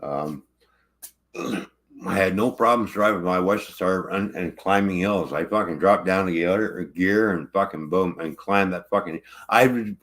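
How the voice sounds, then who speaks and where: A man's voice: sits low, fairly bright tone. A truck driver ranting angrily about his truck, swearing constantly in casual livestream talk.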